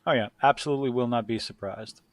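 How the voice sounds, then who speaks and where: A man's voice: medium pitch, fast talker, no echo. Ranting man, dry close sound. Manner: crude, ranting, laughs easily. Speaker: podcast co-host. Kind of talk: casual chat.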